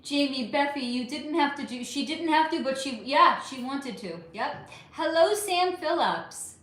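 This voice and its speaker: A woman's voice: sits high, expressive, a little slow, fairly bright tone. Affectionate chatty woman in an echoey room. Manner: chatty, affectionate, calls viewers honey, swears freely. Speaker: livestream host. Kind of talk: casual livestream chat reading comments.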